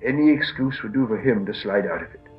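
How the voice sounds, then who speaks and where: Expressive male storybook narrator. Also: fairly low pitch, fairly quick, narrow, tinny audio, faint music behind. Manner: expressive, with many character voices. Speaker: audiobook narrator.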